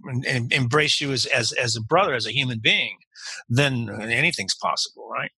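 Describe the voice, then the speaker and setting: A man from the United States, talking as a guest in a casual conversation, halting and repeating words as he searches for them. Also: medium pitch, sharp tone, slightly rough, no room sound, low-quality recording.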